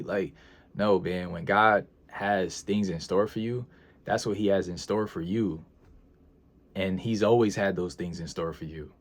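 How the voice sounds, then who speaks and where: A man's voice: low voice, steady tone, a little slow. A young man talking casually and earnestly to his viewers, emotional and reflective, with frequent sighs, hesitations and repeated phrases. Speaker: freelance video editor vlogger. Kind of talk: reflective casual vlog talk.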